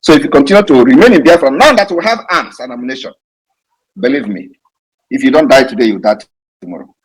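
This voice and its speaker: Fiery man with a lively voice. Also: mid-range voice, fast, breathy edge, rough recording. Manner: fiery, mocking, repeats for emphasis. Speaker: political leader addressing supporters. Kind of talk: impassioned live audio address. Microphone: online audio space.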